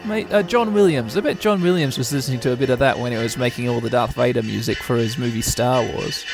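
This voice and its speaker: A man giving rambling, excitable live reaction commentary with lots of fillers. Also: mid-range voice, fast talker, gravelly. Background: opera music.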